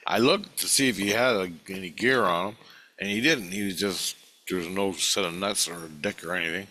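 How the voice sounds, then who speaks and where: A man with a lowish, bright, forceful voice recounts a dream in a meandering, foul-mouthed ramble. He keeps restarting his sentences and swearing as he circles back over the details. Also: a little fast. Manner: profane, meandering storytelling with many restarts.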